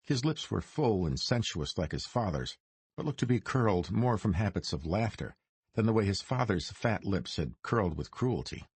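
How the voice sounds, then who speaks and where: A man narrating a crime noir audiobook in a measured storytelling manner. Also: on the low side, very animated, a little mellow, husky, no room sound.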